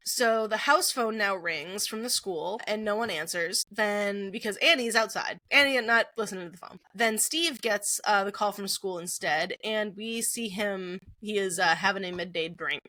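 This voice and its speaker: A young woman co-hosting a podcast, casually recapping a horror film scene by scene, animated and acting out the characters' lines. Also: mid-range voice, normal speed, hardly any pauses, no echo. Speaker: podcast co-host.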